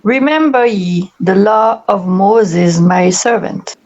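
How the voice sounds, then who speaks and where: A woman leading a group Bible study, reading scripture aloud in a slow, measured way. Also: mid-range voice, a little mellow, highs cut off.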